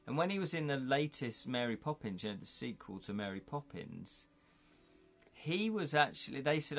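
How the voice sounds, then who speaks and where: A man's voice: medium pitch, lively intonation, a little fast, creaky, fairly bright tone. Middle-aged male host, live-stream banter, laughs a lot, casual. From United Kingdom. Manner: chatty, jokey, laughs often. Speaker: livestream host. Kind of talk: casual chat reading live comments.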